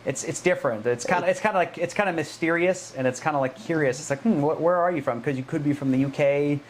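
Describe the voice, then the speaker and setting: Man, Chicago accent, podcast host, quick speech, eager and affirming, faint noise. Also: on the high side. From Chicago, United States. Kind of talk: casual interview chat.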